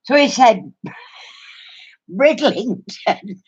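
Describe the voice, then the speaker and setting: Taking it slowly with lively intonation at a medium pitch, an older Yorkshire woman tells a story to her craft-vlog viewers. There's lots of laughter in the casual chat, and the recording sounds muffled and lo-fi.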